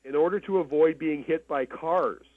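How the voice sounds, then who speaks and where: A man from Canada talks on a tinny, phone-like line. His voice is fairly high, and he slows down to drive home his points as a talk-radio co-host. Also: dry recording. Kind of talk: casual talk radio chat.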